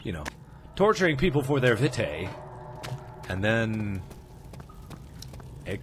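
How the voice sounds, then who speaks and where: A young man in his twenties commentating a horror game, with jumpy, loud screaming outbursts and jokey asides. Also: fairly low pitch, sing-song, slow, background noise. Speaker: let's play host.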